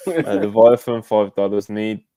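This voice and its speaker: A man's voice: fairly low pitch, little pitch movement, unhurried, mellow, no room sound. A man co-hosting a podcast in casual chat, laid-back and slangy, reading out viewer super chats. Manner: laid-back, slangy, says "you know" a lot.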